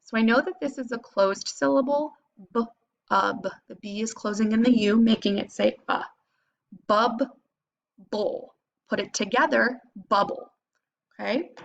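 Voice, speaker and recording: A woman teacher giving a phonics lesson to young students, patiently sounding out syllables slowly and clearly. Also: medium pitch, highs cut off.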